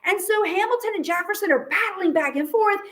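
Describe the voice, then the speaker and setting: A woman's voice: very high-pitched, brisk, a bit bright. A woman teacher giving a casual, chatty history lecture, full of fillers and playful asides. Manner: chatty, acts out quotes with fillers.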